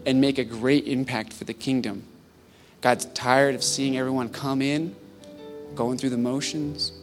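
A male pastor preaching in a church sanctuary, earnest and conversational. His voice rises to loud, pleading peaks and then falls back to quiet reflection. Soft music plays faintly beneath him. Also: mid-range voice, fairly even intonation, moderate pace. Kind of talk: sermon.

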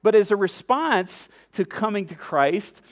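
A man preaching from the pulpit with an earnest, emphatic delivery. His voice sits high for a man, and he lets his points land with measured pauses. He sounds middle-aged. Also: lively intonation. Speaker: pastor. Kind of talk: sermon.

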